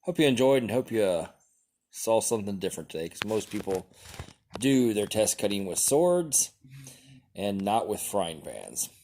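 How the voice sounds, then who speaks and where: A man with a lowish voice talks casually as he demonstrates, relaxed and thinking aloud, with an easy chuckle now and then. His voice comes through a camera mic that drifts nearer and farther, over a faint hiss of background noise. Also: normal speed. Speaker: video host demonstrating weapons. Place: outdoors or in a workshop during a test-cutting session.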